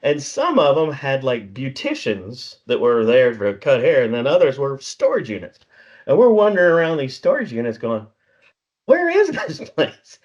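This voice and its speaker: A middle-aged man chats casually as a podcast co-host, rambling through stories at a mid-range pitch. He chuckles often and slips into acted-out dialogue. The recording sounds a little dull and lo-fi. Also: sing-song, moderate pace, a little mellow. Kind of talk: casual chat.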